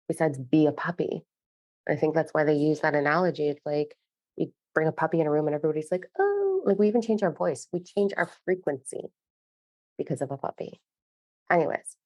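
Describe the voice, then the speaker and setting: A woman who works as a spiritual channeler, delivering slow, pausing messages and then chatting casually with many "like" fillers. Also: low-pitched, fairly even intonation, a little mellow, dry recording. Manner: frequent filler "like" in chat.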